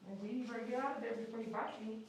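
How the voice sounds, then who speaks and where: A woman's voice: on the high side, fairly even intonation, rapid-fire, very noisy. Chatty woman groomer in an echoey room. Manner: chatty, talks to the dog while working. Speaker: dog groomer hosting a live stream. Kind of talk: live-stream grooming chat. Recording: echoey room, mic far off.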